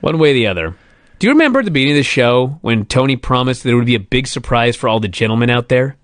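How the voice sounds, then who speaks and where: A man's voice: medium pitch, big pitch swings, racing, dry recording. A man hosting a casual podcast chat, wry and teasing in his delivery. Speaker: podcast host.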